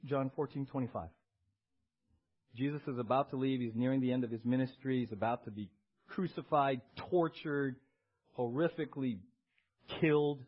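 A man preaching a sermon to his church, emphatic, asking rhetorical questions and repeating key words. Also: mid-range voice. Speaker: pastor. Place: church service. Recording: dull lo-fi sermon audio.

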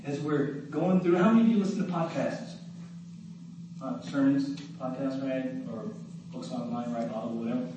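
A man's voice: fairly high pitch, mellow. A man preaching a sermon in a church, talking to the congregation in an easy, conversational way, asking them questions and saying "right?" often. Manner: conversational, asks the crowd questions, repeats "right?". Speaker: pastor. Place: church sanctuary. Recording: very echoey hall, mic at a distance, faint noise.

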